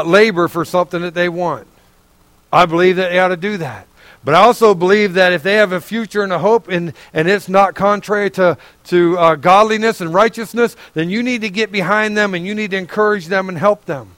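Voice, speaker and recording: A man's voice: high-pitched, fairly even intonation, moderate pace, fairly bright tone, no room sound. A middle-aged man preaching a sermon, fervent and folksy, pleading with his listeners. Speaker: pastor.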